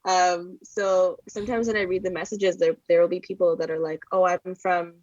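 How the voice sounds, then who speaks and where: A woman's voice: fairly low pitch, little pitch movement, normal speed, muffled recording, crowd noise. A woman co-hosting a casual podcast, enthusiastic and rambling, with many "like"s. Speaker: podcast co-host.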